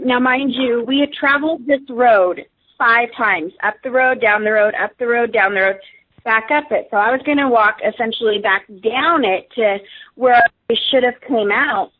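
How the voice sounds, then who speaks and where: A woman's voice: on the high side, moderate pace. A woman, a radio guest, telling a story casually with many fillers and restarts. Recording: tinny phone line.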